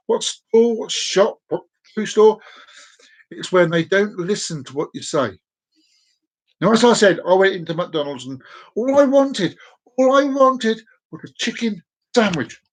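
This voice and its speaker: An Englishman on a livestream, in an exasperated, ranting monologue that swings between loud outbursts and low mutters. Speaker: livestream host.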